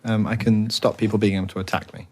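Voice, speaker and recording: A man's voice: lowish voice, little pitch movement, quick pace, darkish tone, breathy edge. Man voicing a timid, stammering young dragon. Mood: sheepish. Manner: stammering, apologetic.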